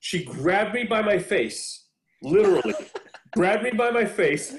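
A man in his forties from New York, telling a childhood story in casual chat with an animated, shifting pace. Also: high voice, a little slow, roomy sound. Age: 40s.

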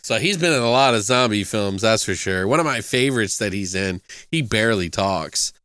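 A man's voice: fairly low pitch, expressive, moderate pace, a bit bright, clear, resonant tone, no room sound, clean studio sound. A man in casual conversation, rambling and swearing freely as he retells film scenes, laughing often. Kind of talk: casual chat.

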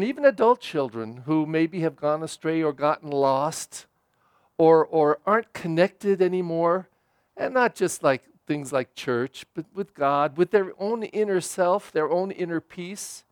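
A priest delivers a homily at Mass in a high, clear, resonant voice, recorded dry and close with no echo. His preaching is conversational, lifting for emphasis and softening for prayer.

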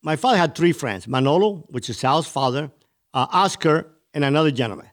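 Intense storytelling man, fairly high voice. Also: lively intonation, a little fast. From Cuba. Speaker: interview guest. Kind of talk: storytelling interview.

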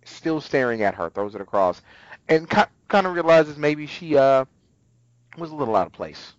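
A man chatting casually as a co-host, his pitch leaping around as he retells an episode and slips into quoted lines. The sound is dry and close, with a slightly dull, muffled tone. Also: normal speed, no echo. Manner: animated retelling, acts out quotes. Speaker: podcast co-host. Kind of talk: casual recap chat.

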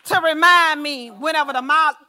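Bright high-voiced woman preaching. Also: brisk. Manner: conversational, animated preaching with asides to the congregation. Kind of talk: sermon.

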